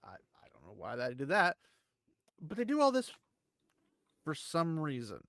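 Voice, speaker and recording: Animated man with dry, close sound. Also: a little slow, creaky, no echo. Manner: animated, rambling, with wide pitch jumps for emphasis. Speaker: channel host. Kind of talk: casual commentary.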